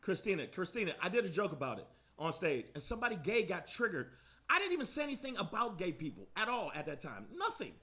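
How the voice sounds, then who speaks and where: A man's voice: sits high, huge pitch swings, fast talker, bright, forceful tone, breathy edge. A man doing a brash, profane stand-up comedy set on a comedy club stage, speaking into a handheld mic.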